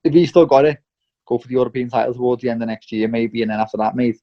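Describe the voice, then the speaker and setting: Blunt, profane boxer, lo-fi. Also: male voice, medium pitch, very fast. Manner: blunt and profane, with frequent "mate" and "lad". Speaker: professional boxer. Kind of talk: candid interview. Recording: slightly dull lo-fi audio.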